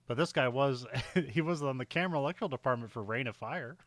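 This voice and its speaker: A man co-hosting a casual film podcast in a middle-range voice. He rambles through his thoughts, laughs often and gets animated when something excites him. The sound is close and dry, with no room echo. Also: medium pitch, fast talker. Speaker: podcast co-host.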